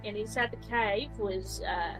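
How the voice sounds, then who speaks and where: A woman's voice: medium pitch, fairly even intonation, measured pace, music in the background, low-quality recording. A woman giving a rambling, casual recap of the last tabletop game session, full of restarts.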